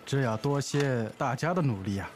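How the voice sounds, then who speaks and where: A man playing a flattered office boss in a recorded language-lesson dialogue, answering praise with modest, good-humored replies. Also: mid-range voice, a little fast, a little hiss or hum, close to an everyday voice. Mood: pleased.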